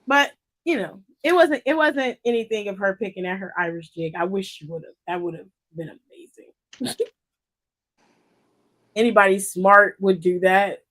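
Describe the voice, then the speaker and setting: A woman's voice: medium pitch, moderate pace, fairly bright tone. A woman co-hosting a wrestling podcast, chatting casually with lots of fillers and giggles. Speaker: podcast co-host. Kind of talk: casual chat.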